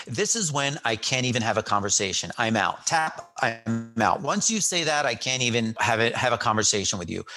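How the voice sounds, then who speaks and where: A middle-aged man spinning a story in a casual interview chat. His voice is bright and forward, with lively swings in pitch. He acts out quoted lines and often restarts his sentences as he goes. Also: fairly quick, few pauses. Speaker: guest.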